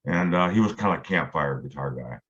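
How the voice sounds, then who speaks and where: A man's voice: very deep voice, expressive, brisk, a bit bright. A middle-aged man, a guitarist being interviewed, telling a long story in a rambling way with lots of fillers and restarts. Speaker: guitarist guest. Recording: dull lo-fi audio.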